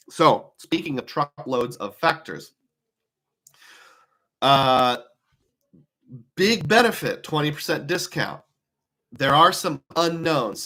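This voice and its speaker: A man's voice: a little high, a bit bright. Man musing aloud in casual live talk. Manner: musing, asks many rhetorical questions. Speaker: travel rewards commentator.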